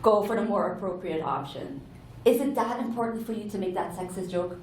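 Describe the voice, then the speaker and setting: A woman's voice: mid-range voice, a little fast, a little mellow. Woman, conference speaker, earnest explainer, echoey hall, distant mic, faint room hum. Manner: earnest, explanatory, with self-corrections. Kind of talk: conference talk. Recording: echoey hall, heard from afar.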